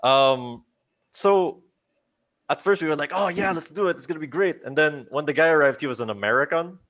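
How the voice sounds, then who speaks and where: A young man tells a spooky story to a group of friends, his voice sitting at an ordinary middle pitch. He talks casually, keeps throwing in "like", restarts his sentences, and slips into other voices to act out what people said. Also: a little fast. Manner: animated, acts out quoted voices, many likes and restarts. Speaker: storyteller on a group chat show.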